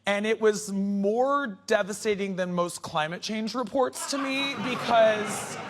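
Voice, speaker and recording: A woman's voice: mid-range voice, unhurried, noisy background. A woman comedian telling a self-mocking story as a talk show guest, laughing through her punchlines.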